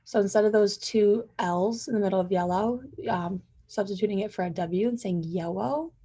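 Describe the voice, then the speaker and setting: A woman's voice: medium pitch, moderate pace, warm tone, husky. Hesitant young woman giving a class talk. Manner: hesitant, many ums and likes. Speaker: student presenter. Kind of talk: class presentation.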